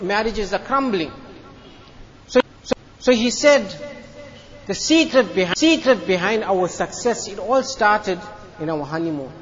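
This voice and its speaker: A man delivers a Friday sermon in a mosque with an earnest, repetitive manner. His voice sits high. The recording is dull and lo-fi. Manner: earnest, repeats phrases, tells a joke story. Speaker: mufti giving Friday lecture.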